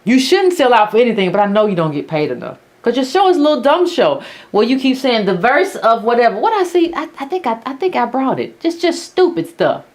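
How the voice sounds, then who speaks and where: A woman's voice: a little high, sing-song, brisk, hardly any pauses, darkish tone. A woman hosting a political commentary monologue who speaks bluntly and sarcastically. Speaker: host of a political commentary channel.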